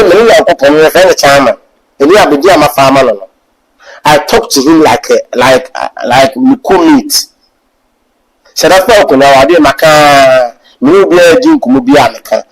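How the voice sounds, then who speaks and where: A young man with a Ghanaian accent preaching at a Bible class, switching between loud exhortation and quiet asides. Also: low-quality recording. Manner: animated, swings from loud exhortation to low asides. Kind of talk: sermon mixing English and Twi.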